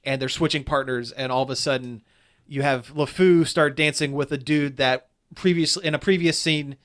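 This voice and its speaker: A man's voice: fairly high pitch, steady tone, normal speed, a bit bright. A man on a casual podcast, rambling through a critical movie review with lots of restarts. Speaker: podcast co-host. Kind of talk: casual chat.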